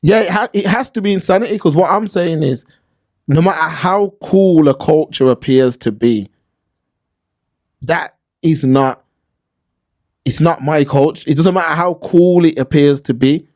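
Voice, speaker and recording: A man's voice: fairly high pitch, measured pace, long pauses, a little mellow, dry recording, clean studio sound. A man co-hosting a casual talk show, telling stories animatedly and acting out the voices he quotes. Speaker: podcast co-host. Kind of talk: casual discussion.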